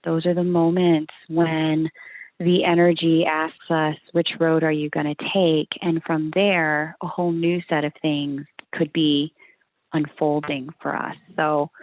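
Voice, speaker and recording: A woman guest astrologer answering interview questions in a friendly, assured way, with light laughter. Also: sits low. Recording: dry tinny call audio.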